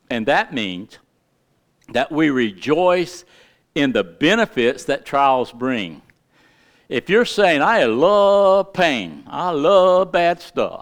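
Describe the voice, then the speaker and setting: A middle-aged male pastor preaching a sermon, with lively asides and questions to his congregation. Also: on the high side.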